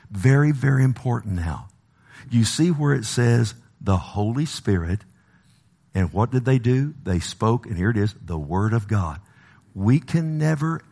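A man preaches with passion, calling out to the congregation as he swings from loud exhortation to low, slow emphasis. His voice is gravelly with a breathy edge.

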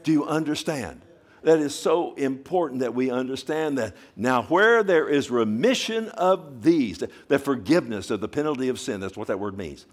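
A man preaching a sermon at a church service, with emphatic bursts, quiet slowed stretches and repeated questions to the congregation. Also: medium pitch, lively intonation. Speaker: pastor.

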